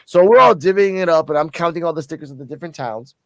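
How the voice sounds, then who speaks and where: A man from Puerto Rico telling a story in a casual, animated vlog, cursing freely and sounding a little tipsy. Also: on the high side, fast talker, no echo. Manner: profane, animated, excited storytelling. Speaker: channel host.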